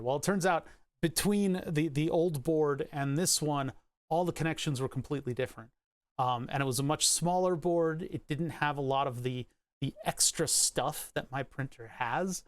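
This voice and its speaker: A male streamer talks in loose, rambling chat, restarting sentences and dropping swear words as he goes. His voice sits a little high for a man. The sound is dry and close with no room echo. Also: normal speed. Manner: rambling, profane, self-interrupting. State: hiccuping. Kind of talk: casual live-stream chat.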